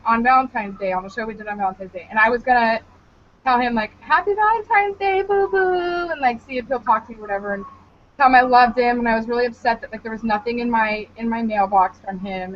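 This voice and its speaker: She's a young woman co-hosting a podcast, her voice on the high side and quick, telling a casual comedic story that's animated, profane, and full of laughter. The recording has a dull lo-fi podcast sound.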